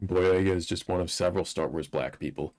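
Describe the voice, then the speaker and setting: A man's voice: sits low, steady tone, brisk, darkish tone. A man co-hosting a live stream, reading news headlines aloud with a dry, profane running commentary. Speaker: streamer co-host.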